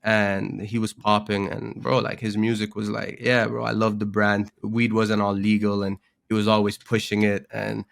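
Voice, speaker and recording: Casual podcast guest, young man, low gravelly voice, slangy and laid-back. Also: monotone, normal speed, hardly any pauses. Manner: slangy, laughs often, says "bro" a lot. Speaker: rapper and content creator guest.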